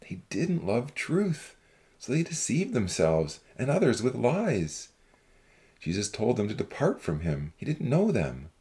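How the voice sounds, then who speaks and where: A woman voicing a gentle, earnest young man who speaks calmly to old friends in a Christian novel reading. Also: a bass voice, unhurried, pitched below the performer's own voice, exaggerated voice.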